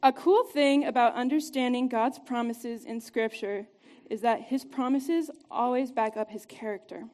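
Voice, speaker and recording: A woman giving an upbeat, conversational devotional talk to a group, chatty and quick to laugh. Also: a little high, a little mellow. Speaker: church teacher.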